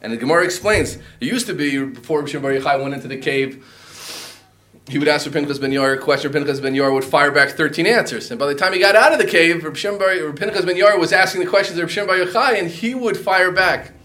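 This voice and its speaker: A man's voice: on the high side, fast talker, sharp tone. A man teaching a Talmud class, mixing Aramaic and Hebrew phrases into his English explanations.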